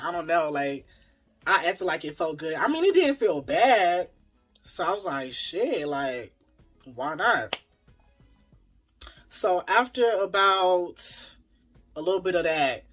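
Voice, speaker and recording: A man telling a wild personal story in a casual, profane style, talking straight to his viewers. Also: high-pitched. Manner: animated, profane, talks to viewers as y'all.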